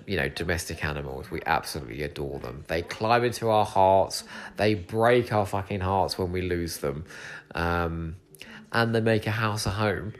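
English male podcast host, low voice, chatty and fired up, swears casually. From England. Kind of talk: solo episode commentary. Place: home room with a cat.

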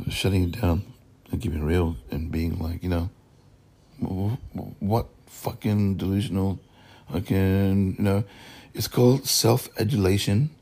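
Gravelly low-voiced man rambling profanely. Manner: profane, rambling, jumps between topics; swings between loud outbursts and low mutters. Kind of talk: rambling monologue to camera.

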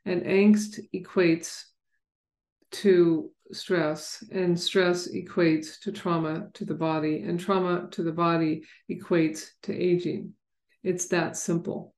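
A woman shares a personal story earnestly and candidly, restarting often in a conversational way. Her lowish, slightly mellow voice moves little in pitch, she speaks slowly, and the sound is roomy.

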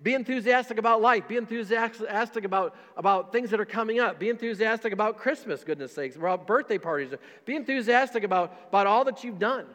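A man's voice: high-pitched, a bit bright, big-room sound. A man preaching a folksy, conversational sermon as pastor, often repeating words as he goes. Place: church sanctuary.

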